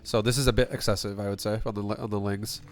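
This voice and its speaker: A StarCraft coach talks a player through a game replay in a lowish, fairly even voice, speaking fast over a little hiss or hum. His casual coaching is blunt and rambling, full of swearing and restarted sentences.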